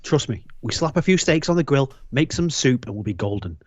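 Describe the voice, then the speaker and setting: A man's voice: medium pitch, animated, fairly quick, a little mellow, no room sound, close to an everyday voice. A man voicing a scheming impostor chef in a live script read, confident and persuasive, on a lo-fi line. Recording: lo-fi dull sound.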